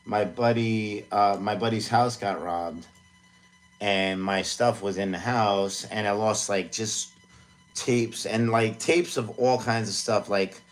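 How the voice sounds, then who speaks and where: Man, 40s, deep voice, loose rambling livestream chatter from his home studio, self-mocking. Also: steady tone, takes it slowly. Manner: rambling, self-deprecating, many fillers. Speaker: music producer streaming live. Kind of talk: casual livestream chat.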